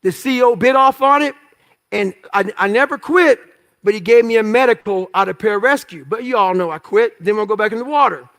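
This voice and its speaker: A motivational speaker tells an audience his life story in blunt, profane, punchy short phrases, acting out what he was thinking at the time. His high-pitched voice is brisk, emphatic, and a bit bright.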